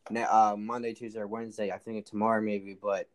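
A man's voice: lowish voice, little pitch movement, fast talker. A man talking as a guest in a casual sports chat, giving strong opinions and repeating his points.

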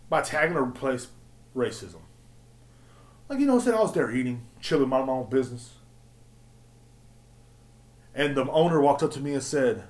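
A man hosting his own podcast, ranting in a profane, slangy, animated way. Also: medium pitch, normal speed, pauses often. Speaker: podcast host. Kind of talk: profane solo podcast rant. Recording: roomy echo.

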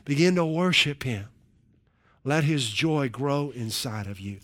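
A man preaching a sermon in an animated way, with frequent calls of hallelujah and joking asides to the congregation. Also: medium pitch, measured pace. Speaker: pastor.

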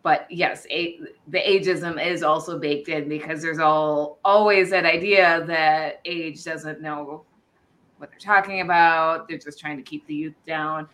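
Low, bright-toned analytical woman. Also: fairly even intonation, measured pace. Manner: analytical and eager to explain. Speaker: podcast co-host. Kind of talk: casual podcast chat.

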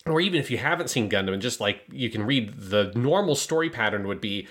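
A man casually breaking down an anime episode, animated and analytical, with many fillers. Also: lowish voice, brisk. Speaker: podcast co-host.

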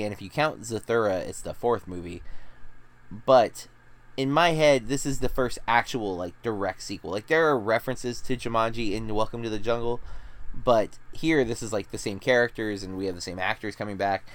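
A man hosting a movie review podcast, talking in a loose, chatty way full of "like" and restarts. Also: on the low side. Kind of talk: casual chat.

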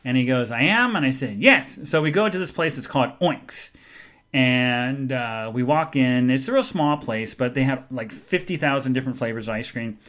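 A man hosting a podcast, telling a story in a casual chat and acting out the people in it with sudden jumps in pitch and loudness. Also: moderate pace. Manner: animated, acts out quoted people with big jumps in pitch and loudness. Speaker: podcast host.

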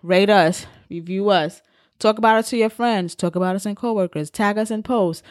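A woman with a Bronx accent co-hosting a podcast, talking in brisk, playful casual chat and swearing freely. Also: mid-range voice, dry recording, studio quality. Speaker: podcast co-host.

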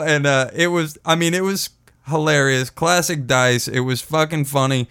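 A man's voice: a little high, unhurried, fairly bright tone, clear, resonant tone, no echo, clean studio sound. A man hosting a podcast, telling a story in a rambling, profane way and often laughing at his own words. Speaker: podcast host. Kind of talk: casual storytelling.

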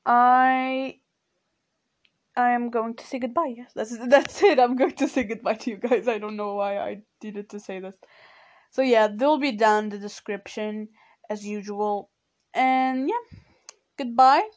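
A teenage girl hosting her own podcast in a casual, hesitant way, soft-spoken and apologetic, filling pauses with "you know". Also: on the high side. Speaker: podcast host. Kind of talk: casual solo podcast talk.

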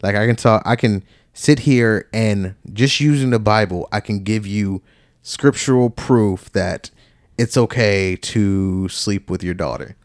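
A man's voice: lowish voice, unhurried, dry recording, studio quality. A man co-hosting a podcast, talking earnestly in a loose, casual way with many filler words. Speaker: podcast co-host. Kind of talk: casual faith discussion.

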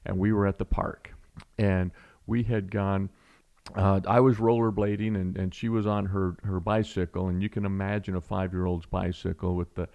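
A middle-aged man telling a personal story in a conversational way, animated and acting out the voices. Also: deep voice, moderate pace. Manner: animated storyteller, acts out voices, restarts often.

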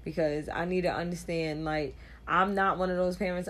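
A woman's voice: lowish voice, steady tone, normal speed, slight background noise. Blunt, emphatic woman podcast co-host. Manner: blunt, emphatic, laughs easily, swears freely. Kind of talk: casual podcast chat.

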